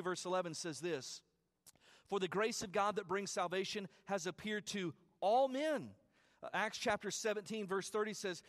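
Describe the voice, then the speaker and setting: A man preaching a sermon as pastor, emphatic and repetitive at the peaks, chatty with stumbles in the asides. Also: sits high. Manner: emphatic preaching with repeated phrases and rising calls; conversational asides with stumbles and restarts.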